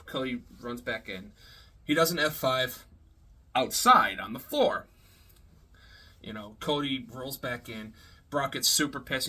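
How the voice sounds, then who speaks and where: A man giving a casual, rambling spoken review, heavy on swearing, fillers and quick laughs. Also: a little high, sing-song, bright, forceful tone. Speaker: wrestling reviewer.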